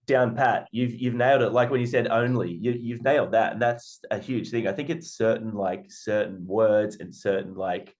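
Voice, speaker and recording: A man from Australia, co-hosting an interview and tossing in quick jokes and banter. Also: fairly low pitch, a little mellow. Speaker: podcast co-host. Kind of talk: casual interview chat.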